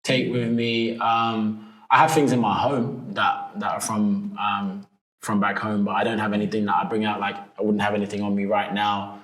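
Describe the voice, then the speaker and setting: Low-voiced London man, relaxed interview talk. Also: normal speed. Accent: London English. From London, England. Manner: relaxed, many fillers and restarts. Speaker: actor, interview guest. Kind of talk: casual interview chat. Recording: echoey room.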